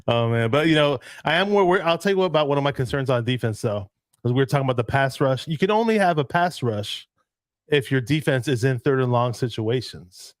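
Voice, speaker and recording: A man's voice: mid-range voice, lively intonation, moderate pace, no room sound, clean studio sound. A man hosting a casual live sports chat, talking loosely, laughing often and reading out viewer comments. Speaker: host.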